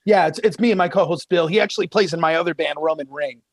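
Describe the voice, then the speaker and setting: High-voiced, excited male guest. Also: fast talker, creaky, no echo. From United States. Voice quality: radio host voice. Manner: animated, enthusiastic, swears freely. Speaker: podcast guest, musician. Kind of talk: casual chat.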